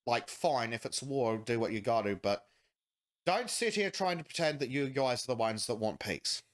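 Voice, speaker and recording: A man's voice: mid-range voice, lively intonation, normal speed. A man hosting a podcast, reading chat comments aloud and mocking the news with sardonic, profane commentary. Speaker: podcast host. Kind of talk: casual political chat.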